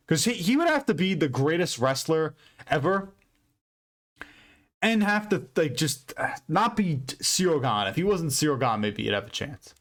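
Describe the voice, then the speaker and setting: A young man hosting a fight predictions channel, giving casual, profane, emphatic commentary with lots of rambling. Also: fairly high pitch.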